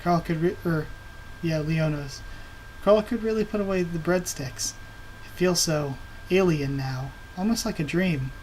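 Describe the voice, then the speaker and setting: A man's voice: fairly high pitch, measured pace, darkish tone, a little hiss or hum, lightly acted, poor audio. A man reading as a weary grieving survivor leader. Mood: wistful.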